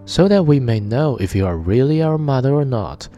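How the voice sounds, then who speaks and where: A man's voice: mid-range voice, expressive, moderate pace, dark tone, muffled recording, faint music behind, pitched above the performer's own voice, natural voice. A man voicing a group of small, wary young goat kids in a read-aloud fairy tale. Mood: defiant.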